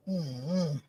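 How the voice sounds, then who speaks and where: A woman's voice: sits low, slight background noise. A young woman hosting a casual live-stream chat, rambling and joking with plenty of profanity. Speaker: host.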